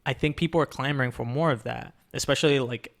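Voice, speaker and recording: A man's voice: mid-range voice, quick pace, creaky. A man hosting a podcast in casual chat, rambling with many fillers and restarts. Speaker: podcast host.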